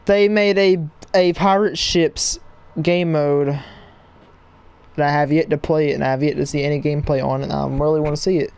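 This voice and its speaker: Excitable young man doing gameplay commentary. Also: on the high side, normal speed, gravelly, clean tone, no room sound. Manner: excitable, rambling, talks to viewers while playing. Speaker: gaming YouTuber. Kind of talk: casual let's-play commentary. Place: home room, people audible outside. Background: game music.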